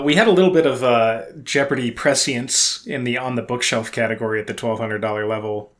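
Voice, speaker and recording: Podcast co-host, man, dry wit, halting delivery with restarts. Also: mid-range voice, fairly bright tone. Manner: wry, dry sarcasm with many restarts. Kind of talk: casual podcast chat.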